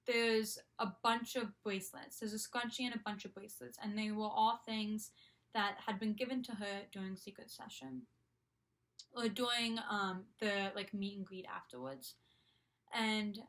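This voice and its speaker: A woman's voice: mid-range voice, a bit bright. A young woman in her college years telling a story casually, gushing and full of "like" and "um" fillers. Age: young adult. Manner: gushing, filler-heavy, constant "like". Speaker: vlogger.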